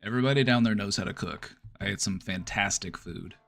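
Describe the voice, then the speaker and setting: A man's voice: fairly low pitch, fairly quick, creaky, a bit bright, faint music behind. A man hosting a casual chat stream, talking in an easygoing, rambling way with lots of fillers. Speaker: streamer host.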